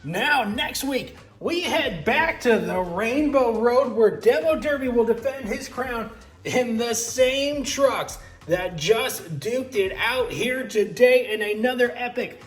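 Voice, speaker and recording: A man's voice: extremely high pitch, expressive, takes it slowly. A man hosting and commentating toy monster truck races from his home garage, in a hyped, dramatic announcer style. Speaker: host and race commentator. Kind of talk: excited race commentary.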